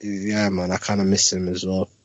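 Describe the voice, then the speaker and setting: A man's voice: low voice, level tone, normal speed. A man chatting bluntly about boxing on a podcast, often trailing off with "like" and "man". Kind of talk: casual boxing chat. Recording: dull lo-fi sound, dry.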